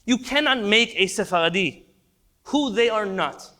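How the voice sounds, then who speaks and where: A man's voice: high voice, expressive, measured pace, bright, forceful tone. A male rabbi giving an evening class, earnest and impassioned, building emphasis through repetition.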